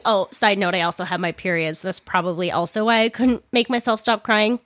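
A woman's voice: mid-range voice, normal speed, fairly bright tone, no echo. Young woman, podcast host, casual chatty storytelling, swollen sore lip, dry close sound. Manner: chatty, swears freely, laughs while telling stories. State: sore swollen mouth, not using upper lip.

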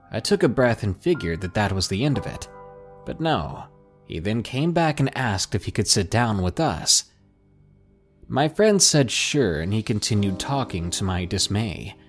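Guy reading creepy stories, low voice that swings around a lot, faint music behind. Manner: dramatic, expressive storytelling. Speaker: podcast narrator. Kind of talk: scripted horror story narration.

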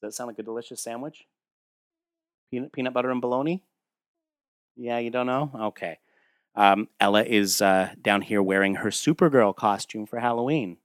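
A man's voice: medium pitch, normal speed, pauses often, no room sound, studio quality. A man casually retelling a comic story aloud at home, rambling with asides and fillers, now and then talking to a child.

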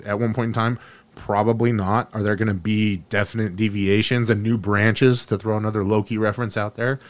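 A man co-hosting a sports podcast, talking excitedly and firing off rhetorical questions. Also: lowish voice. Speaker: podcast co-host. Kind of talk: animated sports opinion chat.

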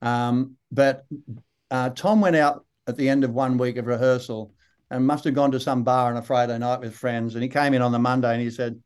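An older Australian man with a broad accent, a guest actor telling unhurried, rambling stories in an interview. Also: medium pitch, fairly even intonation, a little mellow, clean tone. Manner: unhurried, rambling storyteller with many fillers. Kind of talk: relaxed interview anecdotes.

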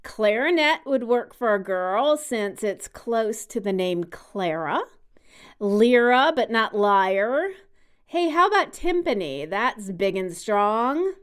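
A woman's voice: on the high side, expressive, slow pace, smooth. A woman co-hosting a podcast who explains things patiently, like a music teacher, and sounds out her examples. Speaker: podcast co-host. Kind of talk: casual podcast chat.

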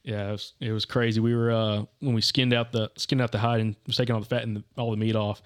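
A man's voice: on the low side, level tone, fast talker, clean tone. A young man hosting a podcast, telling a hunting story in loose, rambling casual chat full of "dude" and "like.". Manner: rambling, says "dude" and "like" constantly.

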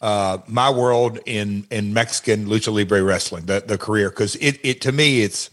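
A man's voice: fairly low pitch, moderate pace, a bit bright. A man speaking as a podcast guest, telling stories in a rambling way with many repeats and restarts. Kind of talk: casual interview chat.

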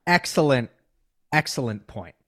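A man co-hosting a podcast in casual sports-analysis chat, talking in a relaxed, conversational way with many fillers. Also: medium pitch, unhurried. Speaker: podcast co-host.

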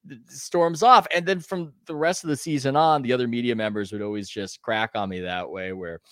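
A man, a sports reporter guest on a podcast, telling stories in a chatty way with quick asides and restarts. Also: mid-range voice, no echo, studio quality. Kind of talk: conversational podcast interview, storytelling.

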